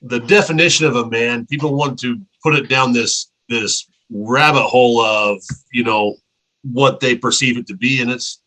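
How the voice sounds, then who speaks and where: A man's voice: mid-range voice, steady tone, normal speed, bright, forceful tone, poor audio. A man co-hosting a casual podcast, talking earnestly and rambling a little, often repeating his words as he thinks aloud. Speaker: podcast co-host.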